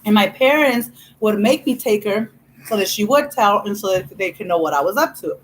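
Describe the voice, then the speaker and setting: A woman's voice: mid-range voice, lively intonation, normal speed, a little hiss or hum, low-quality recording. A woman vlogger telling a childhood story in a chatty, laughing way, full of "you know". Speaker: vlogger host. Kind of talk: casual storytelling while eating.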